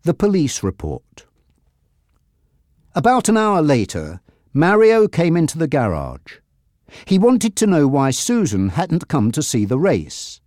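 A man narrating a graded reader audiobook, reading slowly and clearly. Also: on the high side, dry recording, studio quality. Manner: slow, clear, expressive reading.

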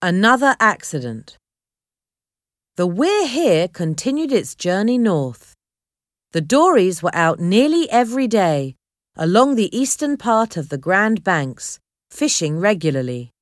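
A woman narrating a chapter of an adventure storybook in a clear, measured reading. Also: mid-range voice, big pitch swings, no echo, clean studio sound. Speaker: audiobook narrator.

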